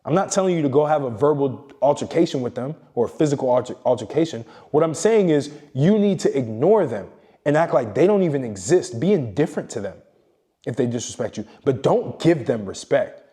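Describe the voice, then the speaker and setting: A man's voice: mid-range voice, lively intonation, fairly quick, warm tone. A man giving a blunt, profane motivational monologue as a self-improvement coach, lecturing emphatically.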